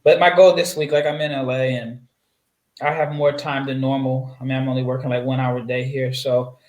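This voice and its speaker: A man from Nebraska talks as a guest on a basketball podcast, easygoing and full of fillers and restarts. His voice sits at an ordinary middle pitch. The sound is roomy, with audible echo around him. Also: level tone, a little fast, a little mellow. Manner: rambling storyteller, many fillers and restarts. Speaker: guest draft analyst. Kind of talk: casual interview chat. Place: home setup, away from his usual mic.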